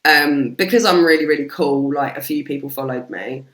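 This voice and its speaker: A British woman, a podcast guest, telling stories in a casual, animated way and swearing freely. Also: low-pitched, moderate pace. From Britain. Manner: animated, swears freely, acts out quoted voices. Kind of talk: casual storytelling chat. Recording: roomy echo.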